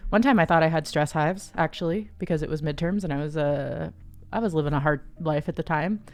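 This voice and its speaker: A woman hosting a casual livestream, chatty and giggly, breaking into high excited squeals. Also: normal speed. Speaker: livestream host. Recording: dry close sound, faint music behind.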